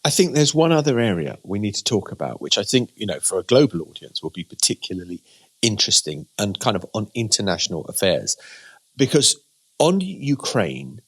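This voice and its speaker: A man co-hosting a political podcast, recalling events and weighing them up in a measured, reflective way. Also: lowish voice, breathy edge. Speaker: podcast co-host. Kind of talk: conversational political analysis.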